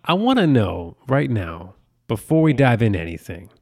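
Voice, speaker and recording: A man's voice: medium pitch, sing-song, normal speed, vocal fry, a little mellow. Joking man co-hosting a podcast. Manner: jokey, playful banter. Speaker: podcast co-host. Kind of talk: casual chat.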